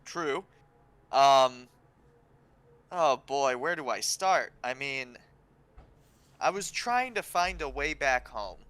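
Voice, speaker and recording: A hesitant, evasive sailor far from home, played by a man. He stalls with ums, then snaps when his ship is insulted. His voice is bright and crisp, recorded dry and close. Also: mid-range voice, expressive, slow pace, pauses often, no room sound.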